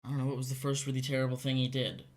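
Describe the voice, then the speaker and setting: A man's voice: mid-range voice, monotone, rapid-fire. A man co-hosting a community TV movie talk show, chatting in a wry, offhand way and laughing along. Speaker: co-host of a movie review show. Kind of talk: casual chat.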